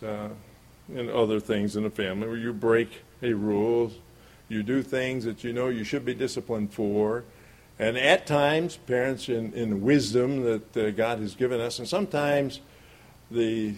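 A middle-aged man preaching a sermon, telling a homespun childhood story in a folksy way and chuckling often. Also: medium pitch.

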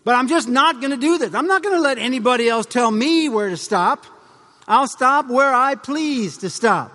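A man's voice: very high-pitched, animated, moderate pace, sharp tone, long reverb tail, pitched above the performer's own voice, exaggerated voice. A man voicing a stubborn driver who refuses to be told where to stop, speaking emphatically. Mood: defiant. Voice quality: defiant, emphatic. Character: defiant stubborn male pickup driver.

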